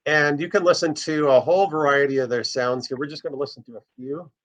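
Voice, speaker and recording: A man's voice: on the high side, fairly even intonation, quick pace. A man teaching a casual online birding lesson, explaining step by step as he plays bird recordings. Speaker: birding instructor.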